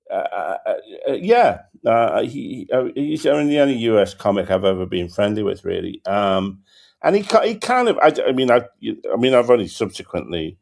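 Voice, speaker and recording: Older guy hosting a comedy podcast, really low gravelly voice, rambly and stop-start. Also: darkish tone. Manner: rambling, halting, many restarts and fillers. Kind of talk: casual anecdotal chat.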